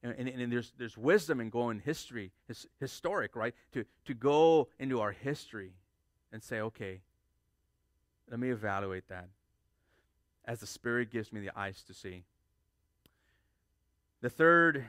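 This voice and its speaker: A man's voice: a little high, moderate pace, sharp tone, no echo, studio quality. A man preaching a sermon as pastor, emphatic, repeating key phrases for stress and often restarting his words.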